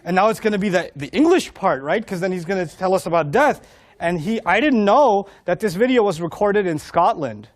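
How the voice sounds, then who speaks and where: A middle-aged man with a notably high voice, telling a funny personal story to an audience. His delivery is animated and self-mocking, and he keeps slipping into other people's voices as he goes. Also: fairly quick. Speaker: Islamic speaker. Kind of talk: humorous storytelling talk.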